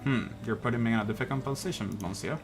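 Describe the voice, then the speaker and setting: A sly con-man bird who spins his answers into smooth, theatrical stories, as a man reads him aloud. He talks in a middle-range voice with game music playing underneath. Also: medium pitch, fast talker, close to an everyday voice. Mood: storytelling. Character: suave male con man bird posing as a Spanish prince.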